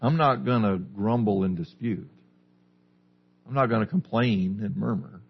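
A man delivers a sermon in a low, husky voice, putting questions to his listeners and then answering them. The recording is dull and lo-fi. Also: measured pace. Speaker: pastor.

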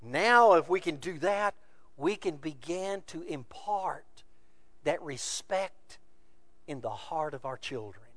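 A man preaching a sermon from scripture, building to loud emphatic peaks and dropping to quiet asides. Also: fairly high pitch, lively intonation, takes it slowly, dry recording. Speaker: pastor.

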